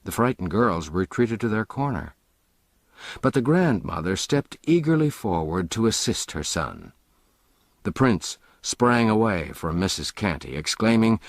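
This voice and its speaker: A man narrating a classic novel as an audiobook, measured and expressive. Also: lowish voice, dry recording, clean studio sound.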